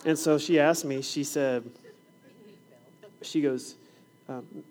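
He takes it slowly, his voice on the high side, as he weaves classroom stories into a sermon. The speaker is a middle-aged preacher and fifth grade science teacher who brings each scene to life by acting it out.

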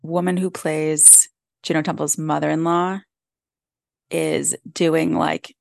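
A woman's voice: sits low, level tone, slow pace, vocal fry, no room sound, clean studio sound. A young woman co-hosting a podcast, chatting with casual enthusiasm. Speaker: podcast co-host. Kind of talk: casual chat.

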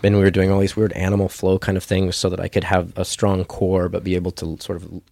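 A man chatting as a guest on a podcast, playful and quick to laugh. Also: deep voice, monotone, gravelly, mellow, no room sound, studio quality. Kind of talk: casual interview chat.

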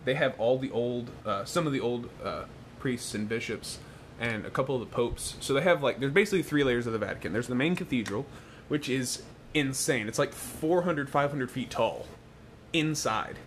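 A young man chatting casually and spinning an animated story. He jumps into loud, laughing exclamations. A faint rumble runs underneath. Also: moderate pace. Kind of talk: casual chat.

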